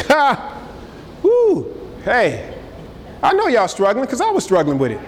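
A man's voice: very high voice, wildly swooping pitch, a little slow. A man preaching a sermon, emphatic and calling out to his congregation. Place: church sanctuary. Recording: long reverb of a large hall, faint noise.

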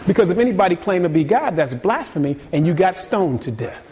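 A man delivering a sermon with a fairly high voice. He talks casually and stumbles over repeated words, then climbs into sudden emphatic peaks before dropping back down low. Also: big pitch swings, fairly quick, slight background noise. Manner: dynamic preaching, swings between quiet and emphatic. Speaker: pastor.

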